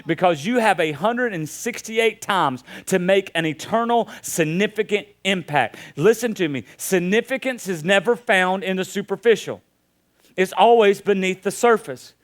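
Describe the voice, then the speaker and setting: A man in his thirties preaching a sermon, telling funny stories with animated delivery. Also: high voice, moderate pace. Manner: storytelling, joking, animated. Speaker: pastor.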